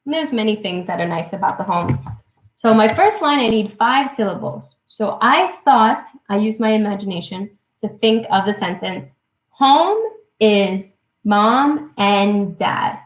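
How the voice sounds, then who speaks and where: A young woman teaching English poetry to children in a live online lesson, speaking slowly and clearly and cheering them on. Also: medium pitch, lively intonation, roomy sound, rough recording. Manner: encouraging, slow and clear, counting syllables aloud. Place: at home.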